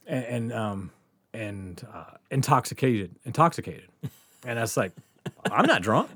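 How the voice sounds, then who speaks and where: A man's voice: mid-range voice, big pitch swings, a little slow, fairly bright tone, slightly rough, dry recording, clean studio sound. Laughing, foul-mouthed man telling a story. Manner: laughs through his story, swears freely. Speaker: podcast host. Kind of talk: casual storytelling chat.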